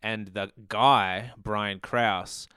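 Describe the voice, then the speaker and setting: Low smooth male podcast co-host, animated, dry close sound. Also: extremely slow, dry recording. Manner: animated, acts out quoted characters. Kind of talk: casual movie review chat.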